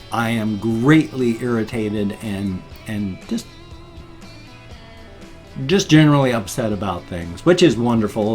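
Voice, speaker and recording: A man in his fifties venting in an agitated rant during a casual daily vlog. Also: medium pitch. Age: 50s. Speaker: vlogger.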